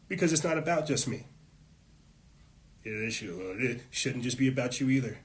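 A man's voice: medium pitch, moderate pace, long pauses. A man hosting his own show, delivering an impassioned political monologue, fired up and swearing often. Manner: fired up, profane, preachy. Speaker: show host.

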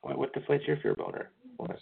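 A man's voice: medium pitch, brisk, creaky, slightly rough, narrow, tinny audio. A man hosting a podcast, joking in a sarcastic, crude way. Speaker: podcast host. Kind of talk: casual podcast banter.

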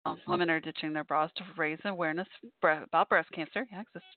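A woman's voice: deep voice, steady tone, fast, no room sound. Casual call-in podcast host, a woman, tired and rambling, on a dry, phone-like line. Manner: chatty, meandering, tired with yawns. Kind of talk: casual live call-in chat. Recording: thin phone-like dry sound.

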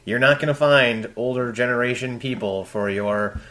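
A man co-hosting a casual panel chat about book promotion, animated, acting out examples in a mocking voice. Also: medium pitch, normal speed. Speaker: podcast co-host.

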